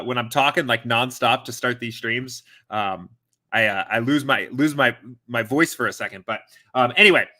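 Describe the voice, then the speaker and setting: Pushed and bright at a medium pitch, this man's voice carries a relaxed at-home live-stream Q&A about fantasy sports. He's a bit winded and meanders, filling gaps with fillers and correcting himself often.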